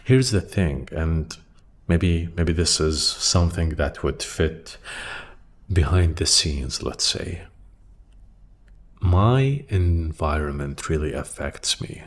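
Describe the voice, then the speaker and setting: A man hosting a reflective solo podcast, speaking thoughtfully and hesitantly into a microphone in a quiet room, often restarting and trailing off softly. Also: extremely low pitch, expressive, slow pace. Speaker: podcast host. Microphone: studio microphone.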